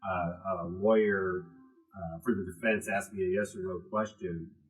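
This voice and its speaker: A man's voice: deep voice, fairly even intonation, unhurried, poor audio. A man teaching a class to a live audience, talking with strongly varied emphasis and casual asides.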